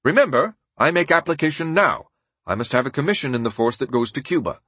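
A man voicing a forceful 1890s statesman in quoted passages of an audiobook, with an emphatic, raised delivery. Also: medium pitch, big pitch swings, quick pace, slightly rough, no echo.

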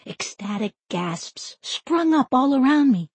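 Wry, higher-voiced woman narrating an audiobook. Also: slow pace, slightly rough, no echo. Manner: wry, deadpan teenage narration. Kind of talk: first-person audiobook narration.

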